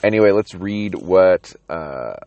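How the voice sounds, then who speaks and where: A man's voice: low voice, expressive, takes it slowly, darkish tone, dry recording, highs cut off. A man talking casually about a comic book, rambling with restarts and reading passages aloud.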